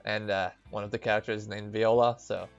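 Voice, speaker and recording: A man's voice: fairly low pitch, flat delivery, brisk, creaky, dry recording, lo-fi sound, faint music behind. A man from Norway, giving chatty, giggly commentary while reading a visual novel aloud. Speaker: let's play gamer.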